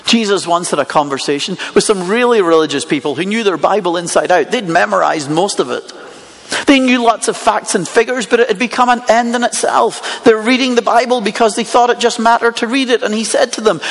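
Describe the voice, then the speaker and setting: A man's voice: very high voice, fairly quick, a bit bright, long reverb tail. A man preaching a sermon in a conversational way, asking the listeners many rhetorical questions.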